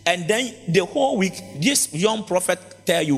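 A man's voice: high-pitched, lively intonation, normal speed, a bit bright, soft background music. A man preaching a sermon as pastor, mixing Twi and English with sing-song rises. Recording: long reverb of a large hall.

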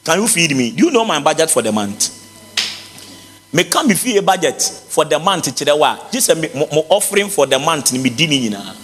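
A male pastor with a Ghanaian accent, preaching a sermon with impassioned shouts and sing-song phrasing. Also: on the high side, very animated, brisk, slight background noise. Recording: reverberant hall with faint music.

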